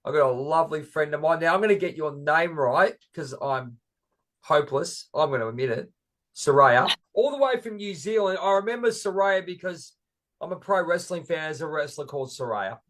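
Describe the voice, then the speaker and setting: A man's voice: a little high, expressive, normal speed, a bit bright. A middle-aged Australian man hosting a casual interview, chatty and self-deprecating, rambling with fillers. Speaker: podcast host.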